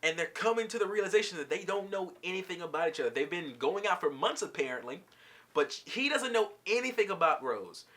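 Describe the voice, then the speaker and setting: Animated man recapping a cartoon. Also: high voice, a little fast. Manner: animated, slangy storytelling. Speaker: vlogger recapping a cartoon episode. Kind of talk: casual episode recap.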